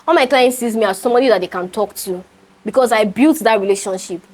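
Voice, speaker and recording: A woman's voice: on the high side, fast, poor audio. A woman with a Nigerian accent giving a sales training talk, telling stories animatedly and acting out the dialogue. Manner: animated storytelling, acts out dialogue, laughs often. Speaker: real estate sales trainer.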